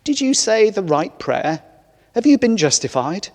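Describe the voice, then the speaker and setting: A man's voice: sits high, sing-song, a little mellow, voice pushed up, exaggerated voice. A man voicing an officious angel on duty at heaven's reception, firing off stern questions. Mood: brisk. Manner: rapid-fire questioning, stern. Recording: echoey church hall.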